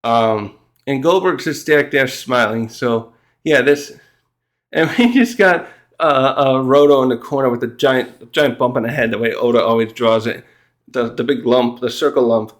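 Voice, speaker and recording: A man who reviews manga recaps a chapter in casual conversation, his mid-range voice rambling and halting. He laughs often and acts out what the characters say.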